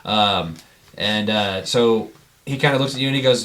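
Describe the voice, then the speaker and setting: A man's voice: fairly low pitch, normal speed, a bit bright. A man narrating as game master for a tabletop game, loose and rambling with many fillers.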